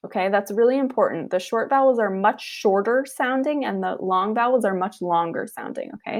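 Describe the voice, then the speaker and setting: A woman teaching a recorded online lesson, patient and repetitive, sounding out words slowly and checking in with "okay". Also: medium pitch. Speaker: Arabic teacher.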